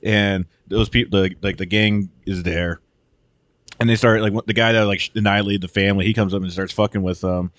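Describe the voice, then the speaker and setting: A man's voice: fairly low pitch, steady tone, fairly quick, fairly bright tone, no room sound. A man casually retelling a movie on a podcast, rambling, swearing often and acting out the characters' lines. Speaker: podcast host.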